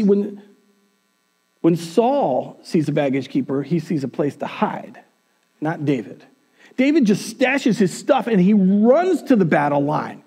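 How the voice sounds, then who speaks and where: Male pastor, conversational church sermon, high and highly animated. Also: husky. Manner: casual, conversational, humorous asides. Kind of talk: sermon storytelling.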